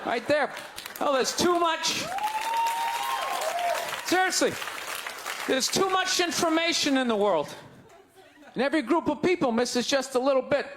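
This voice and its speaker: A man doing a stand-up set, ranting in a high, strained voice and shouting the punchlines. He works a handheld mic on a big stage, and a laughing audience fills the noisy live recording. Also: unhurried, pauses often. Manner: loud, ranting, incredulous delivery with shouted punchlines. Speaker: stand-up comedian. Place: large comedy venue on stage. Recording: live show with crowd laughter and noise. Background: audience laughing and groaning.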